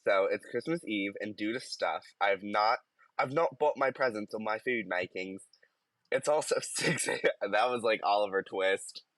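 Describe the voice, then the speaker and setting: A man's voice: lowish voice, normal speed, a bit bright, dry recording. A man co-hosting a podcast, reading stories aloud in casual chat and laughing mid-sentence. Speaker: podcast co-host.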